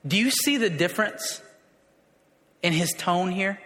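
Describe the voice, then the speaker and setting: Male pastor, high voice, impassioned sermon delivery, roomy hall reverb. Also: expressive, measured pace. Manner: emotional, building to shouts. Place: church hall. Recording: echoey hall.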